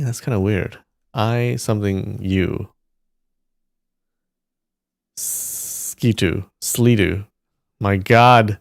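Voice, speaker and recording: A man streaming live, thinking aloud and slowly sounding out syllables as he works through a word puzzle. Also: medium pitch, darkish tone, no room sound, clean studio sound. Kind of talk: casual muttering while solving a word puzzle.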